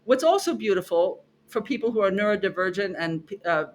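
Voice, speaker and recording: Speaking at medium pitch and a little fast, this middle-aged professor is a podcast guest sharing lively anecdotes from her classes. She imitates her students and repeats phrases to drive her points home.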